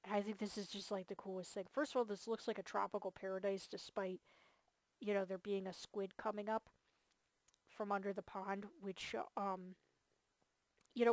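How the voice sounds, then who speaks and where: A woman's voice: medium pitch, no room sound. Upbeat woman gushing over game builds, dry mic. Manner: enthusiastic and gushing, many fillers. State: tired, yawning. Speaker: host of a multiplayer game series. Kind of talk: casual gameplay tour commentary.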